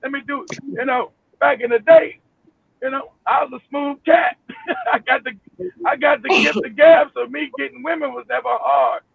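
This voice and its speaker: A man telling his story in a heated talk-show discussion, animated, emphatic and swearing freely. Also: extremely high pitch, normal speed, gravelly. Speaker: panel guest. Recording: tinny phone line.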